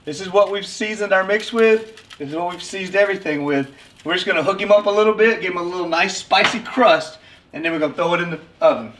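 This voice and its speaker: A man's voice: high voice, quick pace, a bit bright, slight background noise. A middle-aged man, hosting a cooking vlog in a home kitchen and talking straight to viewers in a folksy, upbeat way. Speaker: fishing channel host. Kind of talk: casual cooking vlog talk.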